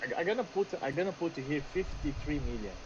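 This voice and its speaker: A man for whom English is not his first language, chatting casually and often pausing to search for words. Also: a little high, animated. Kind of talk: casual chat. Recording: muffled lo-fi mic with clear background noise.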